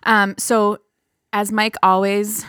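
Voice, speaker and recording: Woman co-host, earnest casual talk, mid pitch, dry mic. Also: little pitch movement, takes it slowly, fairly bright tone, clean tone, no echo. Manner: earnest, chatty with fillers. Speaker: podcast co-host, sociology instructor. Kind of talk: casual political chat.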